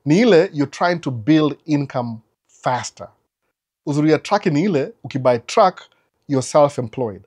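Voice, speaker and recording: A man answers viewers on a live stream and moves between English and Swahili within a single sentence. His voice sits at an ordinary middle pitch. He gives advice in an animated, lecturing way, full of rhetorical questions. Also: normal speed. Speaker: live Q&A host.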